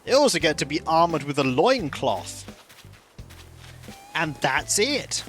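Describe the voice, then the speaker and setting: Playful game streamer, lively pitch, soft game music under the talk. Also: unhurried. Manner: playful, animated, drops to soft asides. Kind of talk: casual gameplay commentary.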